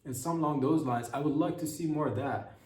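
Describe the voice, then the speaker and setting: A man's voice: a little high, fast talker, a little mellow. A young man hosting a comedy podcast, rambling through a sarcastic monologue and trailing off mid-thought. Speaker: podcast host. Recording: roomy sound, mic at a distance.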